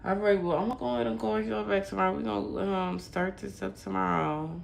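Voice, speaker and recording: Profane ranting woman, gravelly voice. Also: mid-range voice, steady tone, brisk, few pauses, slight background noise. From Michigan. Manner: blunt, profane ranting to viewers. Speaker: livestream host. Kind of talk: casual livestream chat.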